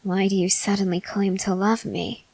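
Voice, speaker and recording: A woman voicing an arrogant, unhinged young male cult leader in a whispered role-play, slow and intense, swinging between whispers and sharp outbursts. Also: mid-range voice, level tone, gravelly, rough recording. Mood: bitter. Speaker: ASMR voice actor.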